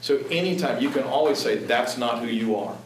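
A man earnestly talking about Christian parenting in a halting, emphatic way. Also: mid-range voice. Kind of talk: conversational talk. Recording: echoey room, distant mic, background noise.

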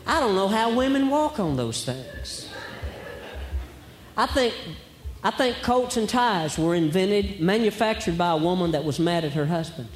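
Man doing stand-up, high voice, wry storyteller, lots of hall echo and faint hiss. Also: expressive, a little slow. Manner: wry, storytelling, rhetorical questions. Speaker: stand-up comedian. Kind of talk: stand-up comedy routine. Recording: echoey hall, faint background noise.

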